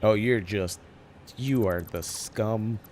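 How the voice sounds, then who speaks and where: A man's voice: lowish voice, slow pace, a little mellow, slight background noise. A man streaming a factory-building game, muttering to himself, cursing and laughing at his own mistakes. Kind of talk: casual live gameplay commentary.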